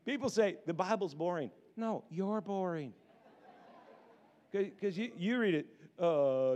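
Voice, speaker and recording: A man preaching a sermon as pastor, animated and jokey, swinging from hushed asides to excited shouts. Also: sits high, measured pace.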